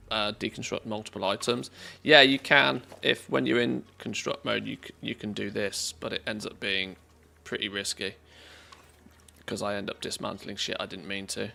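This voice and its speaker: Streamer, gravelly, chatty, thinks out loud mid-game. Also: male voice, on the low side, steady tone, normal speed. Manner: thinking aloud, chatty, laughs easily. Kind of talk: casual live-stream commentary.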